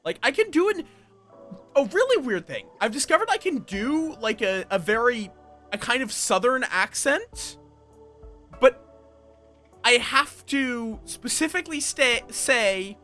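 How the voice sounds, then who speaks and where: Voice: medium pitch, pushed and bright. A streamer giving casual, enthusiastic live commentary over a game and playfully trying out silly voices.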